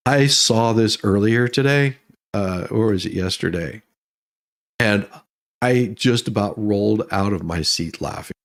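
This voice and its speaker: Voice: mid-range voice, unhurried. A channel host giving casual reaction commentary on news clips, laughing often and restarting sentences. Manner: giggly, frequent laughing fits; talks with stammering restarts.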